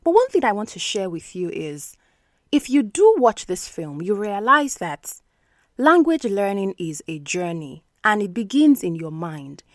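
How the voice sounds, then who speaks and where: A woman's voice: mid-range voice, sing-song, unhurried, dry recording, studio quality. A woman hosting an English-learning podcast who explains words patiently and keeps checking in with the listener. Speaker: English teacher and podcast host.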